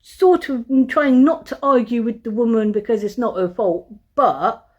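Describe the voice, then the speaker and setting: A woman with a slightly high, lively voice speaks at an unhurried pace, vlogging from her hotel room on a phone camera. Exasperated, she swears often while complaining to the camera, then gives a tour of the room in this casual rant.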